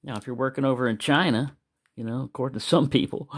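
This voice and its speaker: Man, casual rambling monologue, chatty, wanders off topic, average pitch. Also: fast talker. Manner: meandering, loose and chatty. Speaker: knife collector and channel host.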